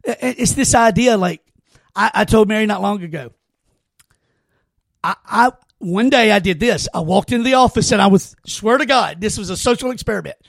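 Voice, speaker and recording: Gravelly high-voiced man telling stories. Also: fairly quick, no room sound, studio quality. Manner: earnest rambling storyteller, many restarts. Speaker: podcast host. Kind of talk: casual heartfelt conversation.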